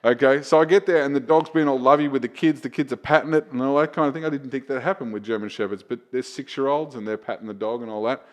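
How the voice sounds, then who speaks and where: A man spins a rowdy anecdote on a podcast, swearing freely and getting louder as he goes. His pitch sits in a plain middle range. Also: quick pace, hardly any pauses. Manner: profane, builds to loud excited retelling. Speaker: comedian guest. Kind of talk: casual podcast storytelling.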